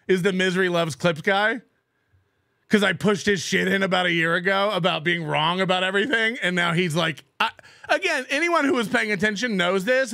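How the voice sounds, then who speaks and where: A high-voiced man with a gravelly edge and a bright, pushed tone, ranting as a livestream host. He mocks his critics, swears freely and laughs between jabs. The sound is dry and close. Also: no room sound.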